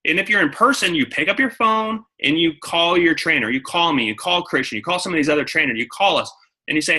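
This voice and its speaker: A man's voice: a little high, fast, pushed and bright, breathy edge, low-quality recording. A man giving a coaching talk to his sales team, repeating key points and acting out phone calls. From San Diego. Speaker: network marketing trainer.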